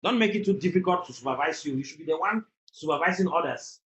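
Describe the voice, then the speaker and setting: A woman's voice: low voice, animated, fast. A woman teaching young children in a classroom, coaxing them and repeating prompts for them to echo back. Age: adult. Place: classroom in a temporary learning center. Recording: echoey room with faint noise.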